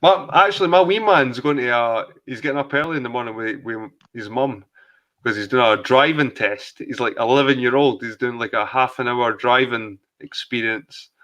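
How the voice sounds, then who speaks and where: A man's voice: medium pitch, normal speed, a bit bright. A man in his thirties hosting a casual late-night video call chat, laid-back and swearing freely. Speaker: host.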